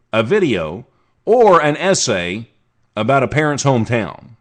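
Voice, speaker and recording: A man from the States hosts his own show and riffs on strange news with a sarcastic, rambling delivery. His pitch swings widely as he jokes through each story. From United States. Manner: sarcastic, rambling asides with restarts. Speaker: podcast host. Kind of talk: casual comedic news commentary.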